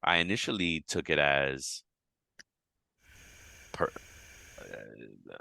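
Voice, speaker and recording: A man with a very low voice co-hosts a podcast in a loose, casual back-and-forth. His tone is bright and forceful, and the recording is dry and close. He gets animated and shoots his voice way up when he acts out a reaction. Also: drawn-out words, vocal fry, no room sound. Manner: animated, jumps to high pitch when quoting himself. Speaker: podcast co-host.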